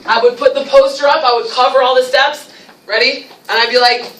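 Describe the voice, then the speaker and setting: A woman with a North Jersey accent leading a teacher training workshop, lively and acting out classroom scenes. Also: high-pitched, fairly quick. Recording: echoey room, mic from far off.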